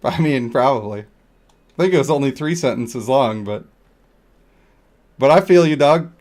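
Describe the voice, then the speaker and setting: A man's voice: mid-range voice, lively intonation, measured pace, darkish tone. A man streaming a video game, chatting casually in a rambling, joking, self-deprecating way. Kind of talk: casual live-stream chat over gameplay.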